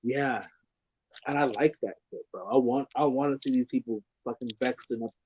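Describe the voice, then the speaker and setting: A man's voice: medium pitch, brisk, a little mellow, breathy edge, dull audio. A young man in casual chat, rambling and swearing, often repeating words as he talks.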